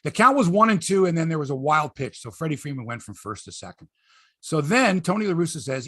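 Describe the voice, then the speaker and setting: A man's voice: fairly high pitch, brisk, dry recording, clean studio sound. A man with a Canadian accent hosting a sports talk show, telling stories animatedly and swearing freely. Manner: lively storyteller, swears, mimics others. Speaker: host.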